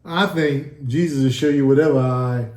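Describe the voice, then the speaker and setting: A man's voice: medium pitch, steady tone, moderate pace, a little mellow. A man giving an earnest testimony in a casual sit-down chat, acting out the dialogue as he tells it. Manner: earnest storytelling, acts out quoted dialogue. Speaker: guest telling his near-death story. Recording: echoey room.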